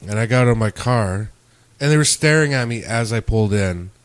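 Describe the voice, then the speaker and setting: On the low side and fairly quick, a male podcast host chats and tells animated, curse-filled stories, playing out each quote.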